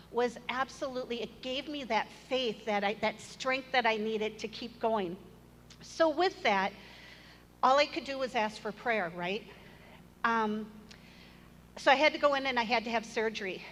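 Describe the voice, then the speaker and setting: A woman's voice: a little high, a bit bright. A middle-aged woman giving a personal testimony in church, earnest and storytelling, with a touch of self-deprecating humor. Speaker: church member sharing her testimony. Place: church hall. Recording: long hall reverb, faint room noise.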